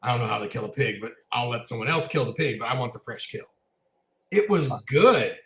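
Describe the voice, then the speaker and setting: Animated storytelling man in an echoey room. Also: medium pitch, brisk. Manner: animated storyteller, laughs often. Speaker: co-host. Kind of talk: casual chat, storytelling.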